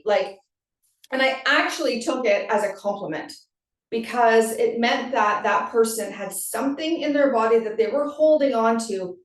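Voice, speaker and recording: A woman's voice: fairly high pitch, normal speed. A woman yoga teacher hosting a podcast, talking casually and often checking in with "right?". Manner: conversational, frequent "right?" and "like". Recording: very echoey room, distant from mic.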